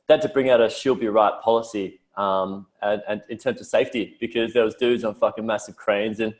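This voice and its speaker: A man's voice: lowish voice, fairly even intonation, brisk. A young Australian man in his twenties, a podcast guest chatting casually, swearing and mimicking mates in a broad voice. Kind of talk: casual interview chat.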